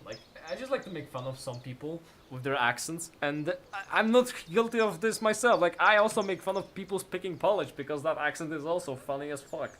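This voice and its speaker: A man's voice: high voice, pushed and bright, slight background noise. A man with a noticeable foreign accent and a hard R, rambling and self-mocking as he plays a game and reads its text aloud. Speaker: gamer. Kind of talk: casual let's-play chat and reading game text aloud.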